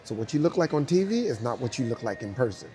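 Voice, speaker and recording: A man's voice: medium pitch, very animated, fast, mellow, faint music behind. A man with a New York accent telling a story in an interview, acting out voices and sounds, swearing and laughing as he goes. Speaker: guest, dancer. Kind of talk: animated storytelling.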